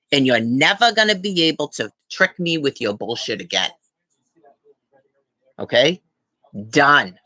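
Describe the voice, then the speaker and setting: A woman's voice: low-pitched, a bit bright, no room sound. A woman on a live stream, ranting angrily and swearing hard, tagging her accusations with "okay?". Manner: angry, profane, accusing; repeats "okay?" as a tag.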